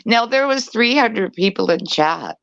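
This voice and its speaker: A woman's voice: a little high, expressive, measured pace, gravelly, lo-fi sound. A woman guest on a casual panel chat who moderates the chat, self-deprecating and blunt, laughing often.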